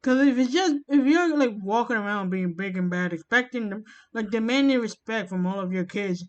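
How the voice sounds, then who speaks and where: A woman in casual chat, rambling with many halting restarts. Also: mid-range voice, lively intonation, dull audio.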